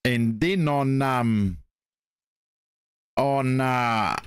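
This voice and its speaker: A man's voice: on the high side, moderate pace, a bit bright, clean tone, no echo. Nz guy rambling through race-weekend stories, lots of mate you know, dry close sound. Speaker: racing show co-host. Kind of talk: casual chat.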